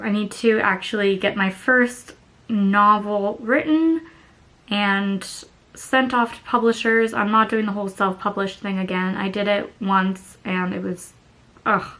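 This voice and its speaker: A woman's voice: mid-range voice, a bit bright. A thirty-year-old woman chatting candidly in a casual vlog, swearing now and then. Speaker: vlogger.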